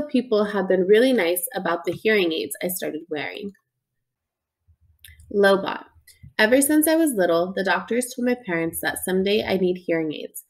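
A woman narrating an audiobook in the first person, with a youthful, earnest, conversational manner. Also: medium pitch. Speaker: audiobook reader.

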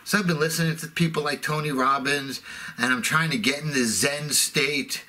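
A man's voice: fairly high pitch, steady tone, moderate pace, pushed and bright. A middle-aged man telling a sarcastic, self-mocking comic rant. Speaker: comedic ranter.

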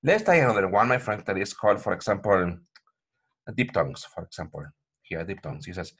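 Husky guy giving an online pronunciation lesson, lowish voice, lots of "okay, my friends". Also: lively intonation, brisk, a bit bright. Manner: repetitive, addresses viewers as my friends, frequent okay. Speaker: English pronunciation teacher.

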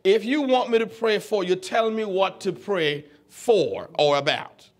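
A young preacher in his twenties with a high-pitched voice gives an animated Bible lesson. He teases his listeners and throws questions out to them as he teaches. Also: a little slow. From U.S. Virgin Islands. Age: 20s. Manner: animated, teasing, asks the congregation questions.

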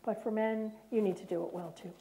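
A middle-aged woman and former prosecutor giving a talk to an audience in a lecture room, speaking slowly and chatting directly with the listeners. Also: mid-range voice, steady tone, vocal fry, dark tone, low-quality recording.

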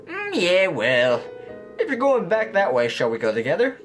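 A gruff, folksy southern swordsman with a slight lisp drawls his lines, as a man reads him from a game. His put-on American Southern accent swings through a lively, wide-ranging pitch. Faint music plays underneath. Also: moderate pace, exaggerated voice. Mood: drawling. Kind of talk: game dialogue read aloud.

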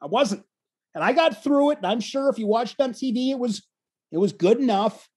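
Husky-voiced man telling a story. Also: extremely high pitch, moderate pace. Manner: animated, self-deprecating, restarts phrases often. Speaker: wrestling commentator and interviewer, guest. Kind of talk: casual storytelling in an interview.

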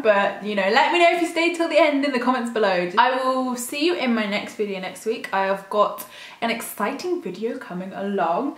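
A woman chatting excitedly through an unboxing vlog, gushing over each item in a quick, casual way. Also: mid-range voice. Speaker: YouTube vlogger. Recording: roomy echo.

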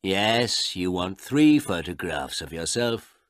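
Boastful small-town photographer, slow and showy, lively pitch, as a male reader puts him on. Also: no room sound, studio quality, heavily acted. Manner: boastful and dismissive.

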